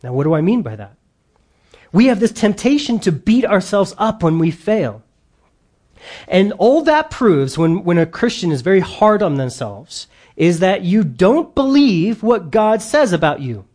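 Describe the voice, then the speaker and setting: A man's voice: high voice, big pitch swings, measured pace, a little mellow. A man preaching a sermon to his congregation, earnest and emphatic, with the odd joking aside. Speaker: pastor.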